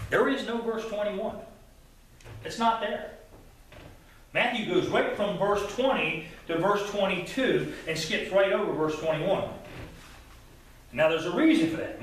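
With a voice that sits high and has a fairly bright tone, a man preaches an earnest sermon in a church sanctuary, frequently repeating words as he stresses a point. The mic is distant, the hall very echoey, and there's slight background noise.

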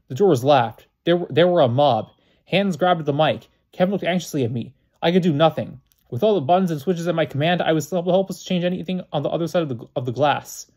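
Slightly high-voiced man reading a novel aloud. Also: quick pace, darkish tone. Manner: plain reading with frequent slips and restarts. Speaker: reader.

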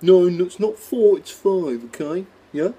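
A man putting on a husky, high, muffled voice as a dim but self-assured male maths teacher. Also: lively intonation, measured pace, dark tone, full character voice. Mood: smug.

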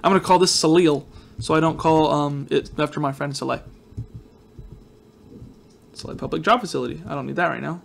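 A man's voice: fairly high pitch, a little fast, creaky, long pauses, a little hiss or hum. A man hosting a casual let's-play video, rambling and joking with viewers, his voice a little groggy from just waking up. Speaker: gaming video host.

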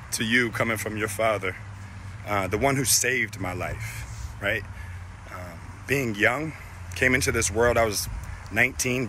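A man in his thirties, a father giving a heartfelt recorded message, halting and emotional, with many fillers and restarts. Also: lowish voice, bright, forceful tone, slight background noise.

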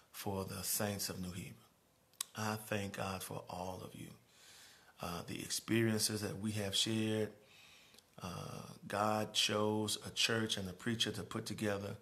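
A man preaching a sermon as pastor in a church, moving from quiet, conversational speaking to raised, emphatic preaching. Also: fairly low pitch. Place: church sanctuary.

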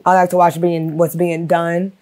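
Animated and profane, a guest rapper from Queens, New York, spins a story in a laid-back interview, imitating everyone she quotes. She speaks at a moderate pace in a fairly low voice.

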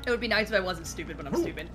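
A woman's voice: on the low side, animated, rapid-fire, over music. A woman streamer chatting casually from her home gaming room, rambling and poking fun at herself. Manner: rambling, self-deprecating.

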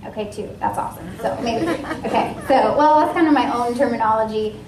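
A woman from Washington State sharing a personal testimony at a ministry meeting, in a casual, lively way with many fillers. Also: fairly high pitch, brisk, far from the mic, crowd noise. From Washington State, USA. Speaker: guest speaker at a ministry. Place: ministry meeting room with a live audience. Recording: echoey room, voice from off-mic.

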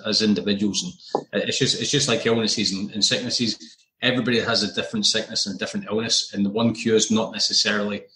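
A man sharing in a casual recovery group discussion, earnest and halting with frequent restarts. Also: on the low side, bright, forceful tone, slight background noise, poor audio. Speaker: group member.

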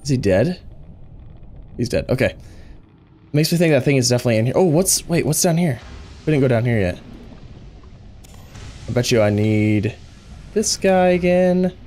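A man giving excitable let's play commentary, thinking aloud and gasping at each new find. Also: medium pitch, normal speed, long pauses. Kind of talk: gameplay commentary.

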